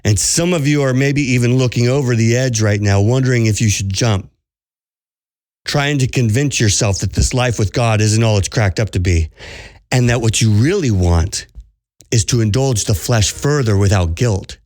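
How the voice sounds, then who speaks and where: A man speaks earnestly as a podcast host and spiritual coach, pressing his points with urgent repetition. His voice sits at an ordinary middle pitch. The recording is dry and close, with no room sound. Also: moderate pace, darkish tone, no room sound. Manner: earnest, urgent, repeats phrases for emphasis. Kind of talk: preached monologue to listeners.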